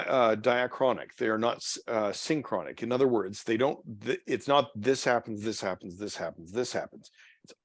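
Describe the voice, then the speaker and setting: A man's voice: mid-range voice, dry recording, clean studio sound. A man leading a church Bible study, talking off the cuff with many fillers, restarts and trailing phrases. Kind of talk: unscripted Bible study talk. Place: church meeting room.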